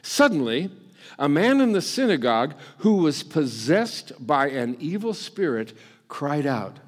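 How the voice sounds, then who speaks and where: A man preaching a sermon in a relaxed, conversational way, dropping in "you know" and stumbling over repeated words. His voice sits a little above the usual pitch for a man and swings up and down with animated emphasis. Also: a little slow.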